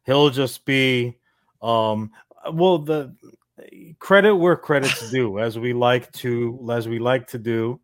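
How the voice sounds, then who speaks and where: A man's voice: mid-range voice, slow pace, dry recording. A middle-aged man co-hosting a podcast, riffing and joking in casual chat over a remote call. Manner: joking, riffing with silly voices. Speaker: podcast co-host.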